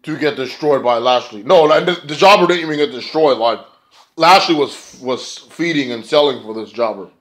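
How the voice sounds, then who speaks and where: Male reviewer, rambling and profane, sarcastic casual delivery, mid pitch. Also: moderate pace. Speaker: wrestling show reviewer.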